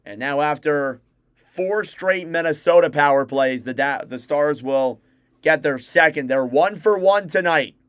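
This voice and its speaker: A young man with a high, crisp voice calls a hockey game play by play for his livestream audience. He rattles off player names in quick bursts, and the sound is close and dry. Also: fairly bright tone, dry recording. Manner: rapid name-calling play-by-play, self-correcting. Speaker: fan livestream play-by-play host. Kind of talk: live hockey play-by-play commentary.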